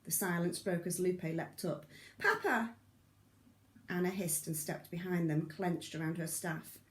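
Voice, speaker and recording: A woman narrating a novel in an audiobook reading, steady and measured. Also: on the low side, echoey room. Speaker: audiobook reader.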